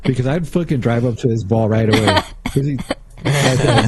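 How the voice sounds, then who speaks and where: A man's voice: mid-range voice, a little fast, a little hiss or hum. A man co-hosting a podcast, chatting casually and telling profane, joking stories. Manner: profane, joking, animated retelling. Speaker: podcast co-host. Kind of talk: casual chat.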